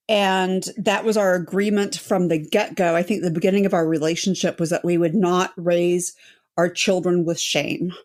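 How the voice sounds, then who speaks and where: A woman in her forties, an executive function coach, speaking as a podcast guest in eager, quick replies. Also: fairly low pitch, darkish tone. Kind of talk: casual interview chat.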